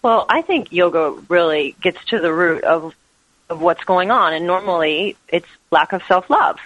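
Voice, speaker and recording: A woman's voice: fairly low pitch, normal speed, a bit bright, no echo, low-quality recording. A woman yoga teacher, a guest in an interview, talking about spirituality in an earnest, flowing way. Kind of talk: interview answers.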